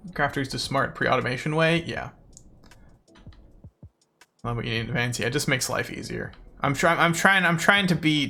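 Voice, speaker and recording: A young man streams a game with faint music behind him, chatting casually and rambling playfully in meme phrases as he plays. His medium-pitched voice is bright and forceful, with some vocal fry.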